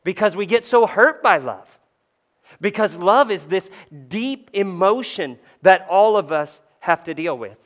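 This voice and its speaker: A pastor with a high, fairly bright voice delivers a sermon in church, a little slowly and with animation. He talks casually with the congregation, often asking "right?" and making jokes at his own expense.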